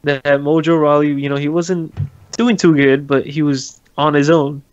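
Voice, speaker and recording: A man's voice: fairly high pitch, steady tone, moderate pace, lo-fi sound. A man casually chatting about wrestling as a podcast co-host, laughing often and swearing casually.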